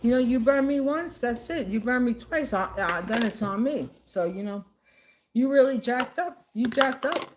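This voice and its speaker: A woman's voice: on the high side, lively intonation, normal speed, noisy background. A woman at home, giving a casual political rant to the camera. She scolds her targets emphatically and says the same phrases over and over.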